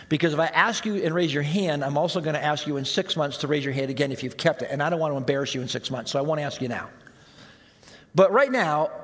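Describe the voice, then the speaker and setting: High-voiced man preaching in a reverberant hall. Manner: conversational preaching, swinging between raised emphasis and hushed, slow asides. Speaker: pastor. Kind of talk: sermon. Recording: long reverb of a large hall.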